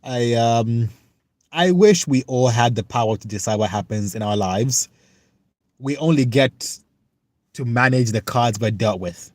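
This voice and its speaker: Live on stream, a young British man reads his viewers' comments and replies earnestly, pausing and reflecting as he goes. His medium-pitched voice has a darkish tone with no echo.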